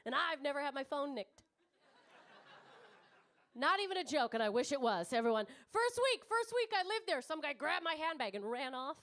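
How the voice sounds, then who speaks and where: Woman stand-up, thirties, high bright voice, brash and crowd-chatty, swears freely. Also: very animated, brisk. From Canada. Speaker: stand-up comedian. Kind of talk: stand-up comedy set. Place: comedy club stage.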